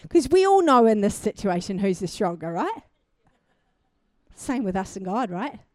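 A young woman preaching a sermon, telling a personal testimony in an animated way and building to fervent exhortation. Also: mid-range voice, normal speed, no room sound. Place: church.

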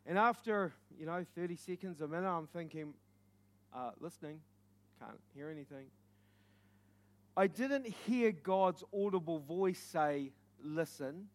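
A man, an evangelist, telling an earnest and intense testimony as a sermon, building from quiet reflection to loud urgency. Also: fairly high pitch, animated, a little slow. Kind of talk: preaching testimony.

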